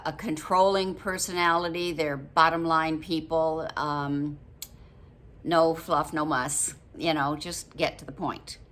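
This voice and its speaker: A woman in her late seventies, speaking in a low-pitched, somewhat bright voice, chats casually to her viewers while reviewing a book. She rambles slightly, with plenty of ums and frequent laughs.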